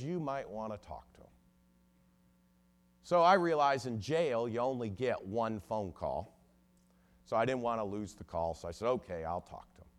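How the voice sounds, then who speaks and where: A man preaching to a congregation, telling a long story and quoting the people in it, his loudness swelling and dropping as he goes. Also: fairly low pitch. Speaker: ministry lawyer preaching. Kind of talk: sermon storytelling.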